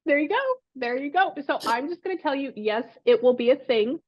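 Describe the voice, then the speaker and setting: A woman working as a psychic medium, talking casually and excitedly over a call, rambling with lots of fillers. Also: high voice, brisk, no echo, dull audio.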